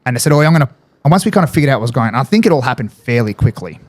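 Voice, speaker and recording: Fast-talking Australian man telling a story. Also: mid-range voice, animated. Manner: fast, swears freely, lots of fillers. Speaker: podcast guest, former paratrooper. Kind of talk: casual storytelling.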